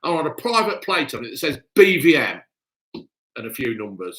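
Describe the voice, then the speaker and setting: A man's voice: fairly high pitch, sing-song, measured pace, bright, forceful tone. A man hosting a live stream, swearing a lot and ranting bluntly in casual chat. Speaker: livestream host.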